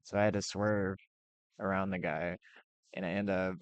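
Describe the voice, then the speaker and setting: A man's voice: deep voice, flat delivery, moderate pace, smooth, no room sound. A young man telling a rambling personal story in a casual vlog, full of fillers and restarts. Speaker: vlogger.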